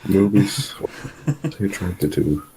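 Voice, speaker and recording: A man with a very low voice chats casually, keeping his replies short and low-key. A faint noise sits behind his voice. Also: very animated, slow, warm tone. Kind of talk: casual chat.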